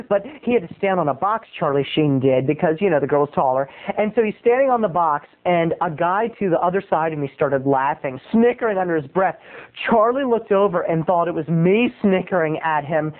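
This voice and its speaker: Theatrical high-voiced man on tinny tape. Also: brisk. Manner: theatrical, with sudden high squeaky jumps in pitch. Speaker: comic show host telling a personal story. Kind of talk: comedic storytelling monologue.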